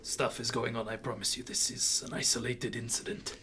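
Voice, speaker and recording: A frail old man, as a game master puts him on, murmuring low and measured in a tabletop game. He speaks at a middling pitch over a faint hiss in the background. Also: level tone, pushed and bright, lightly acted. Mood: ashamed.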